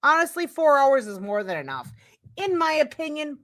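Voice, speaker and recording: A woman's voice: sits high, very animated, normal speed, a bit bright. A middle-aged woman streaming commentary, reading a text aloud and breaking into heated, profane, sarcastic rants. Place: home streaming setup.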